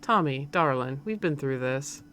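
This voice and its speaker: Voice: mid-range voice, lively intonation, a little slow, bright, forceful tone, a little hiss or hum. A streamer voicing a doting, stern middle-aged mother with a slight Southern accent, reading game dialogue aloud. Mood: scolding.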